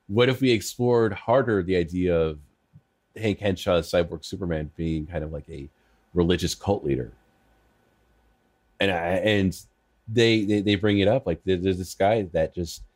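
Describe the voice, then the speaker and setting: A man with a fairly low voice, talking as a podcast guest. He chats casually and stumbles over his words as he restarts sentences. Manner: chatty, stammering restarts.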